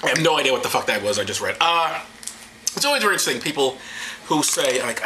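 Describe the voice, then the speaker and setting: A man's voice: mid-range voice, sing-song, quick pace, sharp tone, a little hiss or hum, low-quality recording. A man reading scripture aloud as comedy, sarcastic and profane, stumbling and laughing over the text. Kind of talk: irreverent comedic Bible reading.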